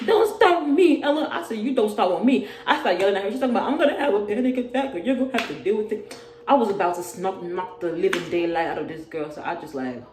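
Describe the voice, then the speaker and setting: Young woman ranting a storytime vlog, lowish voice, acts out the yelling, roomy echo. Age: young adult. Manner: animated, acts out yelled quotes. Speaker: college student vlogger. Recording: echoey room, faint noise.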